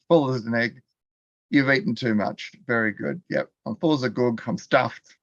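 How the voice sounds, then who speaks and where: The voice is mid-range, unhurried and creaky, belonging to an Australian continuing education teacher giving a live class online from his computer. He keeps it chatty, laughs often and tests the chat viewers with questions, over dull audio with no room sound.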